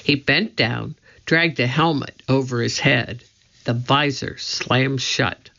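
A man reading a children's story aloud in a steady, scripted narration. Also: medium pitch, slow, creaky. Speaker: audiobook narrator. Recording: slightly dull lo-fi audio.

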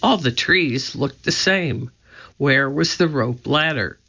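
A man reading a children's storybook aloud, narrating slowly and deliberately. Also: medium pitch, vocal fry, bright, forceful tone. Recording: dull lo-fi recording.

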